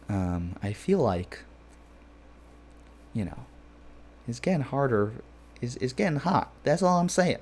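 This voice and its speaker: A man's voice: on the low side, animated, unhurried, long pauses, a little mellow. A man streaming a game and chatting casually with viewers, rambling and playful with lots of filler phrases. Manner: jokey and playful. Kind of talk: casual live-stream chat.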